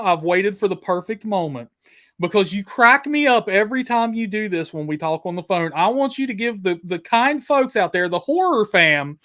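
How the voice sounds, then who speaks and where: A man hosting a livestream chat, excitable and hyping up his guest and viewers. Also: high voice. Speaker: host.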